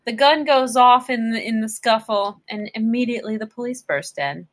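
A woman's voice: on the high side, moderate pace. A young woman co-hosting a casual chat, adding incredulous commentary as the plot is recapped. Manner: incredulous commentary, lively intonation. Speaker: podcast co-host.

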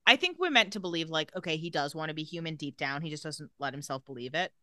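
A woman's voice: sits low, expressive, fast talker, bright, forceful tone, no echo, studio quality. A woman co-hosting a podcast, recapping a TV episode in casual chat, candid and sardonic, swearing freely. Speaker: podcast co-host.

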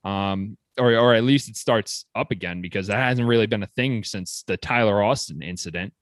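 A man co-hosting a casual sports chat, relaxed and teasing, checking stats as he talks. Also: fairly low pitch, normal speed, dry recording, clean studio sound. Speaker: podcast co-host.

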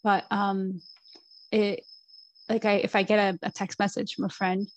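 A woman's voice: medium pitch, little pitch movement, normal speed, lo-fi sound. A woman hosting a podcast, talking in a chatty way, saying "like" a lot and laughing easily. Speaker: podcast host. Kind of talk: casual chat.

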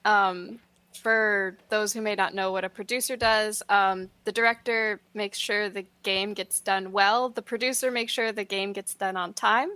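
A woman's voice: mid-range voice, fairly even intonation, a little slow, bright, forceful tone, clear, resonant tone, no room sound. A woman guest on a podcast, a game producer, explaining her job in a friendly way with many filler ums. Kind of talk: casual podcast interview.

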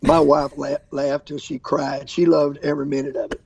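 A man's voice: a little high, normal speed, creaky, slightly rough, no echo. An older man, an evangelist telling stories in a casual interview and acting out what people said. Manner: animated storyteller, acts out quotes. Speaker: traveling evangelist preacher.

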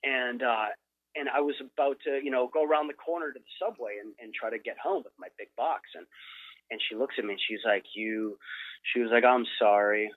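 A man's voice: medium pitch, fairly quick, slightly rough, no echo, narrow, tinny audio. A man from Minnesota, a guest filmmaker in a casual podcast chat, telling a story with lots of "like" fillers.

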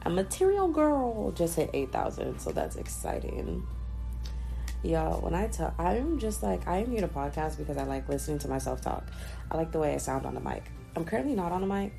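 A woman's voice: low-pitched, big pitch swings, brisk, gravelly, faint music behind, low-quality recording. A young woman vlogging casually, chatty and slangy, venting in a dramatic, exasperated way. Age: young adult. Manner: dramatic, swings into loud exasperated ranting. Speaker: vlogger and podcaster. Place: indoors, not on a mic.

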